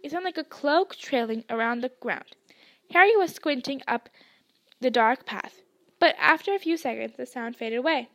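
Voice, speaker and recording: A woman narrating a book chapter aloud in a hushed storytelling manner. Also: high-pitched, expressive, normal speed. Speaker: podcast reader. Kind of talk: audiobook narration.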